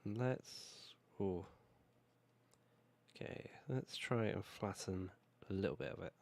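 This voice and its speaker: A British man with a hoarse voice from a cold, casually chatting while he builds in a city-building game. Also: low-pitched, takes it slowly. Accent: British English. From Britain. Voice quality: relaxed, rambling, self-correcting. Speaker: video game streamer. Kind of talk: casual gameplay commentary.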